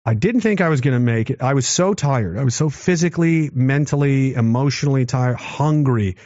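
A man's voice: mid-range voice, animated, moderate pace, darkish tone, no room sound. A man in his thirties telling a war story in a casual, profane, rambling way, mocking himself and reading comments from chat. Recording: dull lo-fi dry sound.

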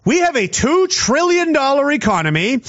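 A man's voice: very high voice, sing-song, normal speed, fairly bright tone. A man in a heated, profane, sarcastic political rant. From Canada. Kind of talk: angry political rant to camera. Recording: dull lo-fi audio.

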